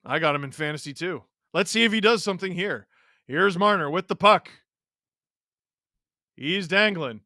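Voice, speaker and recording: A man hosting a live hockey watch-along, giving excitable play-by-play reactions and sarcastically heckling the referees. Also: high-pitched, normal speed, pauses often, no echo, studio quality.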